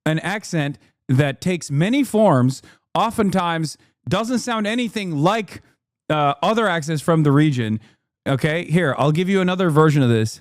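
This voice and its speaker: A man in his thirties hosting a stream, talking in a sarcastic, mock-serious way while his pitch swings widely. His voice is smooth and clear, recorded dry and close. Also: expressive, unhurried, a little mellow, no echo. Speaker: livestream host reacting to a video. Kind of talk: casual reaction commentary.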